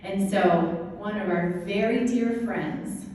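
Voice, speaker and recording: A woman telling a personal story as a motivational talk to an audience, lively and laughing often. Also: medium pitch, slow. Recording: echoey hall from far off, faint noise.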